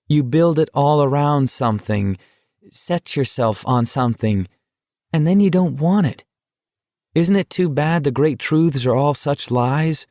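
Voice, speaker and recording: A man's voice: mid-range voice, darkish tone, dry recording, studio quality, voice pushed up, natural voice. A man voicing a weary, cynical teenage boy who muses darkly in an audiobook. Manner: brooding, philosophical. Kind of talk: audiobook character voice.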